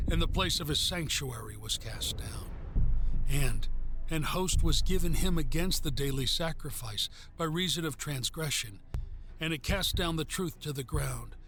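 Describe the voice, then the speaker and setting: Man, scripture reading, solemn and measured, slightly high voice, soft music behind. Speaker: scripture reader.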